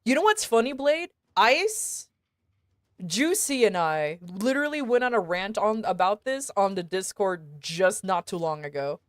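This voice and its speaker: A woman's voice: medium pitch, no echo. Profane, chatty woman streamer. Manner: animated and profane, with laughs and quick asides. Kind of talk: casual storytelling on a game stream.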